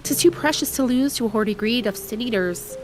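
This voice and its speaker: A woman voicing a doting fairy pixie in a lowered, theatrical reading voice, sounding congested. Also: fairly quick, a little mellow, faint music behind, natural voice, rough recording. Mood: tender. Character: doting fairy pixie calling the hero its sapling.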